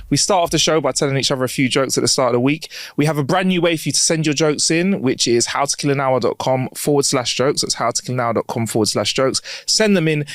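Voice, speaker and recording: A man's voice: medium pitch, no room sound, studio quality. A male podcast co-host in casual chat, telling jokes and bantering with slang. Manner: animated, jokey banter with slang. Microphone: wireless clip-on mic.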